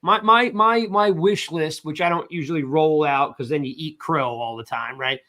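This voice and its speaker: An animated man hosts a casual sports talk stream, reading out names from the chat between points. His voice sits high and sounds bright and forceful. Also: moderate pace. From South Jersey. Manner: animated, reads chat shout-outs. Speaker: podcast host.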